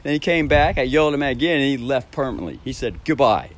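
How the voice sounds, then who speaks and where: A man with a mid-range voice tells a rambling story quickly and animatedly at his home, near a backyard shed. He laughs a lot between phrases, swears without holding back and often starts his sentences over.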